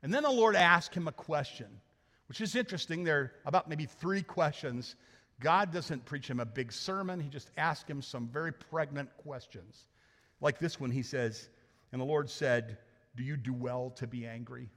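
A male pastor delivers a sermon with an animated, joking style. He acts out the characters in the story and teases the congregation as he goes. His voice sits a bit high, and the sanctuary's long reverb trails after his words. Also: moderate pace. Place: church sanctuary. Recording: hall reverb.

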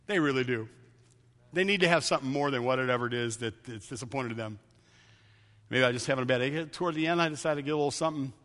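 A man preaching to his church, telling stories in a conversational way that shifts from lively to hushed and earnest. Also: mid-range voice, big-room sound. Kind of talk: sermon.

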